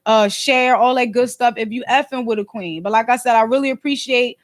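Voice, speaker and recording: A fairly quick-talking woman from Philadelphia, loud and high-voiced, chats casually on her phone livestream. The podcast host and streamer is animated and slangy, fond of rhetorical asides, and can get emphatic to the point of snapping.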